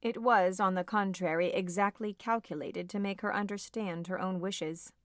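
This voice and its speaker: A woman narrating a classic novel as an audiobook, in a measured, expressive reading. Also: mid-range voice, no room sound, studio quality.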